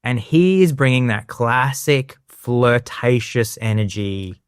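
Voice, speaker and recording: A man's voice: mid-range voice, takes it slowly, clean tone, no echo, clean studio sound. A man co-hosting a podcast, chatting casually and animatedly, often acting out other people in silly voices. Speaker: podcast co-host. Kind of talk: casual comedic chat.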